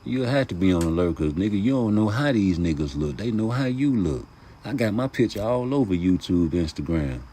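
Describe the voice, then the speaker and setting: A man hosting a casual boxing vlog, talking passionately in heavy street slang and profanity, jumping from loud outbursts to mumbled asides. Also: sits low, slightly rough. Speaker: YouTube boxing commentator.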